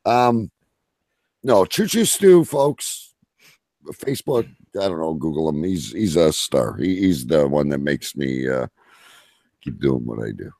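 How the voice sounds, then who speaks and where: A Canadian man guests on a casual podcast livestream, joking and running himself down. His voice is very deep but leaps all over the place in pitch, and it sounds dry and close. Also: sing-song, unhurried, mellow, no room sound. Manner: joking, self-deprecating.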